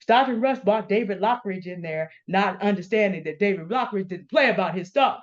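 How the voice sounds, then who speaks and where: A middle-aged woman delivers confrontational commentary straight to camera, calling people out by name in a pointed, deliberate way. Her voice sits at a middle pitch. The recording is dull and slightly lo-fi. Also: expressive. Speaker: commentary host. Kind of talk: direct-address commentary. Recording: dull lo-fi sound.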